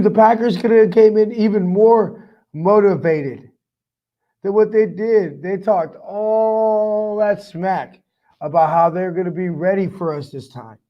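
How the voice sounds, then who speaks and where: A man with a high voice hosts a fan sports podcast, heard on a muffled recording. He's fired up, profane and rambling, dropping "I mean" constantly in his casual fan commentary.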